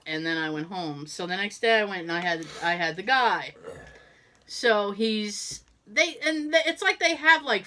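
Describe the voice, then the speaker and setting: A woman's voice: medium pitch, pushed and bright. A woman co-hosting a podcast, telling a story in casual chat, swearing freely and laughing as she goes. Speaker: podcast co-host.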